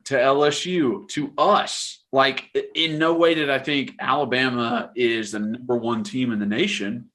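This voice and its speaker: A man's voice: mid-range voice, fairly bright tone. A young man co-hosting a casual sports podcast, laid-back and teasing, giving candid opinions. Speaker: podcast co-host.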